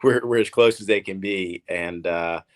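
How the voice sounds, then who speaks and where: A man in his thirties with a deep, low voice, guesting in a relaxed interview. He is from Oklahoma and tells his stories in a rambling way, full of fillers and restarted words. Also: moderate pace. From Oklahoma, USA. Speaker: guest, professional tennis player. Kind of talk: casual storytelling interview.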